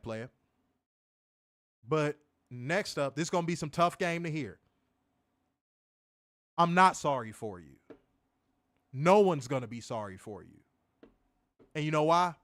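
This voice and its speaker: A man reviewing a wrestling show, ranting loudly with lots of swearing. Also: on the high side, no echo, clean studio sound. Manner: loud profane ranting; calmer advice-giving. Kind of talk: ranting commentary.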